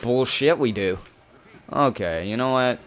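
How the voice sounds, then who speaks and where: Young male gaming host, live commentary, mid pitch, frustrated and foul-mouthed. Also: a little slow. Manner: frustrated, swearing, swinging between calm and outbursts.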